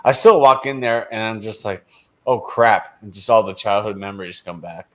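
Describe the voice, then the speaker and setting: A man chatting casually on a live stream, answering with quick easy replies. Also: lowish voice. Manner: easygoing, quick back-channel replies.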